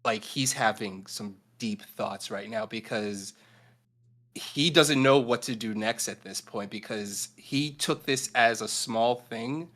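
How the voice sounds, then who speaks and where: A man's voice: medium pitch, slow, a bit bright. Man player musing thoughtfully. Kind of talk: casual tabletop play.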